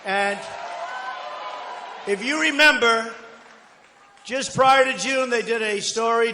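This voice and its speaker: A political candidate gives a boastful, repetitive rally speech full of rambling asides in a large hall with long, echoey reverb. His voice is high, bright and forceful, at a moderate pace with frequent pauses.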